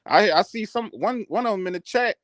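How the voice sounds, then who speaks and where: A man's voice: sits high, expressive, fairly quick, fairly bright tone, no echo, clean studio sound. A man hosting a casual live chat, brash and boastful, laughing often.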